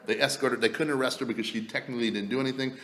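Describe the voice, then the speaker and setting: A man's voice: medium pitch, very fast, echoey room, in a large hall. A man co-hosting a podcast, telling a story in a casual, profane way and acting out the other people's voices. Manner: animated, profane, acts out quoted voices. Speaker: podcast co-host telling stories.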